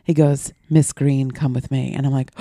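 A woman's voice: a bass voice, level tone, normal speed, mellow, dry recording, clean studio sound. A woman podcast host telling a comic story in casual chat, acting out quotes and swearing freely.

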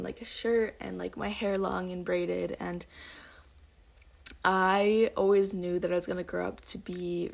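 A woman hosting a casual solo podcast, rambling with lots of "like" and "um" and sometimes slipping into soft, breathy asides. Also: mid-range voice. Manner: rambling, heavy use of "like" and "um". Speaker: podcast host.

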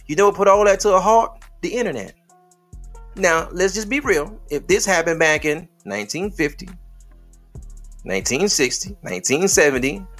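A man's voice: on the high side, fairly bright tone. A man hosting a podcast in casual commentary, preachy and full of rhetorical questions, addressing listeners as beloved. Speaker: podcast host.

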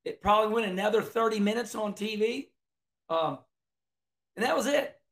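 A middle-aged man with a drawl talks through a race in a loose, folksy ramble, often starting a phrase twice. His voice sits high for a man and carries a gravelly edge. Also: expressive, moderate pace, fairly bright tone. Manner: folksy, rambling, repeats words and restarts. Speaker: racing commentator. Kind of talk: casual video commentary.

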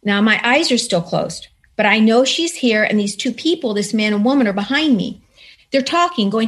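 Woman guest, somewhat high-pitched, earnest and animated as she tells her story. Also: normal speed. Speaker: interview guest. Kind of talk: personal story told in conversation.

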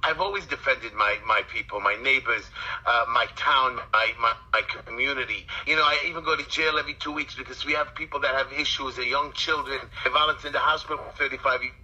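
A man's voice: medium pitch, brisk, pushed and bright, breathy edge, poor audio. A middle-aged man with a Brooklyn accent, a city council candidate talking bluntly and in a rambling, streetwise way as a guest on a phone interview. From Brooklyn, New York.

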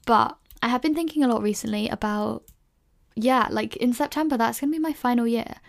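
A woman's voice: fairly high pitch, fairly quick, creaky. A young woman in her early twenties hosting a casual solo Q&A podcast, rambling chattily with lots of "like" and self-conscious laughs. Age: early 20s. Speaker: podcast host.

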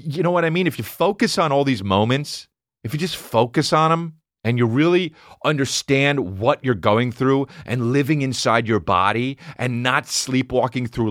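Animated, foul-mouthed man telling a story. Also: mid-range voice, dry recording, clean studio sound. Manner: profane, animated, swings between mumbling and shouting. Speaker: comedian. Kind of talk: casual storytelling.

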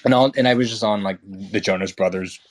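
A man's voice: fairly low pitch, brisk. A young man in casual conversation, rambling with restarts and fillers, frank and swearing casually. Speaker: guest.

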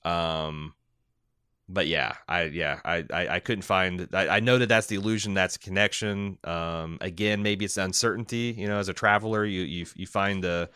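A man co-hosting a podcast in casual chat, recapping an episode and reading listener mail, with halting speech full of fillers and restarts. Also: low-pitched, fairly even intonation, bright, forceful tone, clean tone, no echo, clean studio sound. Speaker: podcast co-host.

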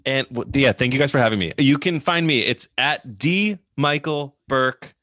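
A man chatting as a podcast guest, lively and self-deprecating, laughing between thoughts. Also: medium pitch, moderate pace, no room sound, studio quality. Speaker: podcast guest, social media creator. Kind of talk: casual chat.

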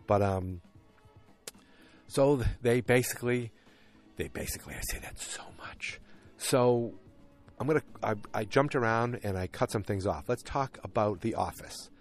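A man's voice: mid-range voice, moderate pace, faint music behind. A man hosting a podcast, rambling casually with lots of fillers and restarts. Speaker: podcast host recapping a TV show. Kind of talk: casual chat.

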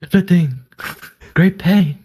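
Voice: medium pitch, takes it slowly, warm tone, a little hiss or hum. A co-host on a casual podcast, answering quiz questions with confident ease. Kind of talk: casual chat.

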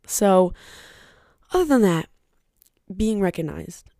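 A woman's voice: mid-range voice, big pitch swings, takes it slowly, mellow, dry recording, studio quality. A young woman hosting her own podcast, talking casually in a candid, blunt way, swearing often and wandering into side remarks. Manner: chatty and rambling, with side remarks. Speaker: podcast host.

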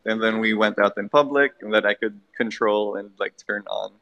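Hesitant caller on a phone. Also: male voice, fairly low pitch, moderate pace, gravelly, bright, forceful tone, lo-fi sound, a little hiss or hum. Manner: hesitant, mixes in Tagalog fillers. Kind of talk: phone call-in. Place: hallway. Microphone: phone call.

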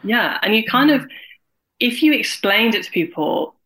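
A woman in her forties, a guest in a candid interview, talking in an animated way and acting out other people's lines. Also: medium pitch, moderate pace, poor audio. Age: 40s. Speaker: guest, carer and writer.

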